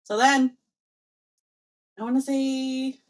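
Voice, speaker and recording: A young woman co-hosting a podcast, telling a personal story in a casual, animated way and acting out both sides of past conversations. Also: high voice, slow. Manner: animated storyteller, acts out quoted exchanges, mixes in Spanish phrases. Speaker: podcast co-host.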